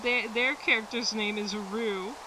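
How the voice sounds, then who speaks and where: A woman's voice: on the high side, fairly even intonation, measured pace, distant mic, background noise. A woman streamer telling a rambling story in casual talk, often laughing and swearing.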